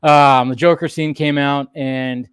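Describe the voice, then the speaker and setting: A man's voice: mid-range voice, fairly even intonation, a little slow, clean tone, no echo, studio quality. A man hosting a casual livestream, chatting loosely with fillers and restarts, and breaking into stunned, swearing exclamations. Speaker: livestream host.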